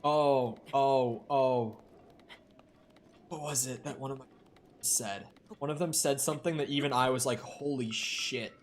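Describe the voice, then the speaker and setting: A man with a light Minnesotan accent keeps up casual, profane chatter while he plays a game live. His voice sits at an ordinary middle pitch. A faint background hiss runs under the talk. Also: measured pace, long pauses. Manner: chatty, profane, reads chat aloud. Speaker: game streamer. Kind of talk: casual live-stream commentary.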